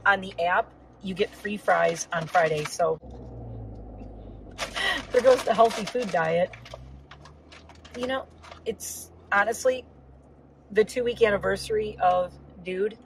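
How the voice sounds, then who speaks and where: A woman's voice: medium pitch, slow, long pauses, a little hiss or hum, low-quality recording. A woman chatting casually while driving, rambling with lots of asides and a slightly sore throat. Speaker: vlogger. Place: inside a car on the road.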